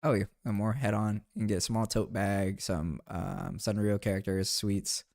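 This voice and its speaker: A man's voice: fairly low pitch, fairly even intonation, moderate pace, gravelly, a little mellow, no echo, studio quality. A young man casually chatting about his trip photos, rambling and playful, often saying "bro" and asking viewers to weigh in. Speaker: streamer recapping a trip. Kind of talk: casual chat over photos.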